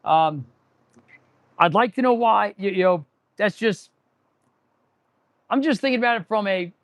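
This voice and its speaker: He has a high-pitched, fairly bright voice with lively intonation and an unhurried delivery, captured in a dry recording. The owner of an indoor auto repair shop, he hosts a casual live stream, rambling and ranting sarcastically, often restarting sentences, hands on his tools.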